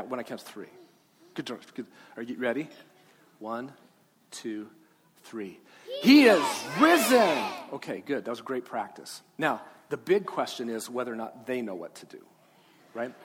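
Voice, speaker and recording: A man preaching an Easter sermon as pastor, talking gently to children, then earnestly to the congregation. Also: mid-range voice. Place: large church sanctuary. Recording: long hall reverb, faint room ambience.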